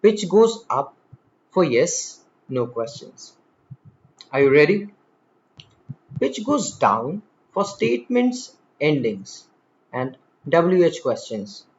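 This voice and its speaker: A man teaching spoken English at a slow, careful pace. His voice swings widely in pitch as he leans hard on the stressed words of his examples. The recording is a little dull and lo-fi. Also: sing-song.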